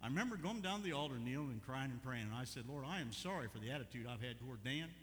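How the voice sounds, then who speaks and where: Bright-voiced folksy pastor preaching. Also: male voice, medium pitch, expressive, very fast. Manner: folksy storytelling, bursts of loud emphasis. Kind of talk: sermon. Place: church sanctuary. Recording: long church hall reverb, faint hum.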